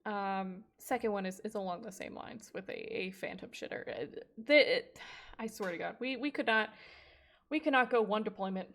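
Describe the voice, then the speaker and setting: A woman's voice: mid-range voice, normal speed, fairly bright tone. A woman streamer and Navy veteran telling stories in casual chat, swearing freely and laughing often.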